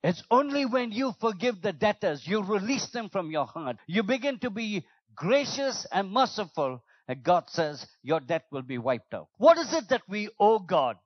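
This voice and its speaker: Guy preaching, high voice that swings all over, kinda dull dry sound. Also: moderate pace, hardly any pauses, dry recording. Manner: animated preaching, acts out quoted complaints in a lower voice. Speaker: pastor. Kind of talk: sermon.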